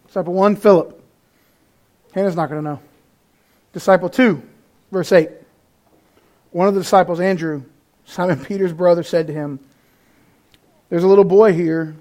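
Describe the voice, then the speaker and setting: A man preaching in a high, animated voice. He talks conversationally, swings between loud emphatic peaks and quiet asides, and keeps a lively sermon pace. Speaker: pastor.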